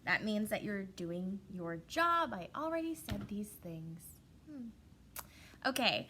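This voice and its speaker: A woman's voice: medium pitch, very animated, slow, sharp tone, slight background noise. A young woman teaching an online kindergarten class in a playful, sing-song way, stretching her words and often repeating herself.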